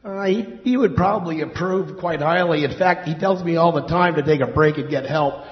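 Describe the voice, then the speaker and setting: A man's voice: on the high side, moderate pace, close to an everyday voice. Skit role: man as a hesitant, worn-out older brother, muffled echoing hall. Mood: weary. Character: weary young man, an older brother who works the fields. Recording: echoey hall, dull sound.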